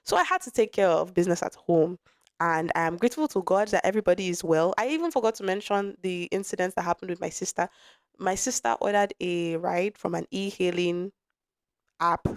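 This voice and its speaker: Low-voiced woman podcast host. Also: a little fast, clean tone, dry recording, clean studio sound. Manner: frank, conversational, with frequent restarts and asides. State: lingering cough affecting her voice. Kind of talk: candid personal storytelling.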